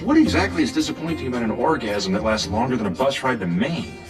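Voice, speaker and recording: An actor playing a dry, sarcastic friend in a sitcom with deadpan wisecracks. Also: male voice, medium pitch, fast talker, far from the mic, over music, natural voice. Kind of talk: sitcom acting.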